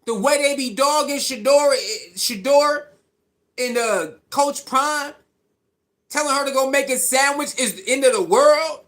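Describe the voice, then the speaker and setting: A man's voice: very high voice, unhurried, a bit bright. A man hosting a heated solo sports rant, exasperated and scolding, often mocking his critics. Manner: ranting, exasperated, mocks critics in put-on voices. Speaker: sports commentary host.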